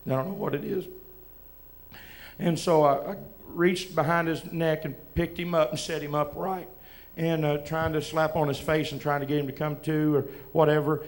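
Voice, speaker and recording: A man with a Southern US accent, preaching as he tells a halting, emotional testimony with many restarts. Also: a little high, little pitch movement. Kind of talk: testimony from the pulpit.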